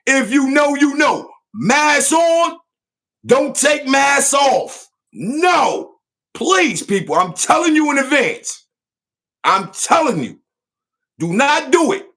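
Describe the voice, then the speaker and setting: Loud mocking man ranting. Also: very high voice. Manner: loud, mocking, repeats catchphrases. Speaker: online show host. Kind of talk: comedic roast rant.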